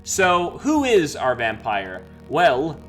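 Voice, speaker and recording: A man's voice: fairly high pitch, wildly swooping pitch, takes it slowly, fairly bright tone, soft background music. A man hosting a live-streamed solo tabletop game, talking casually and rambling with many fillers. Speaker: host and game master.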